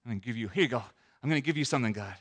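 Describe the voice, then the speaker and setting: A man's voice: medium pitch, expressive, racing, slightly rough. A man voicing Cain as a boastful young man, showy and self-satisfied. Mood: showing off.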